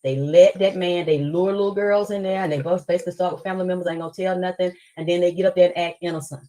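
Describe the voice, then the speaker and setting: Low-voiced woman on an angry rant. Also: steady tone, dark tone, low-quality recording. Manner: angry, profane, rapid storytelling. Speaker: live stream host. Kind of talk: angry live stream rant.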